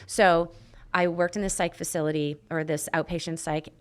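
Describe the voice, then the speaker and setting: A woman's voice: lowish voice, steady tone, moderate pace, clean tone. A woman from Canada, a nurse practitioner, telling her story as a podcast guest in a candid, casual way, swearing now and then and acting out dialogue.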